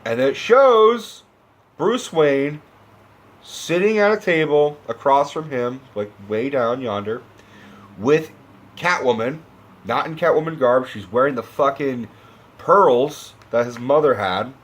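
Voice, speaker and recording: A man's voice: medium pitch, expressive, takes it slowly. A young man giving a profane, impassioned movie-review rant, sarcastic and acting out characters as he goes.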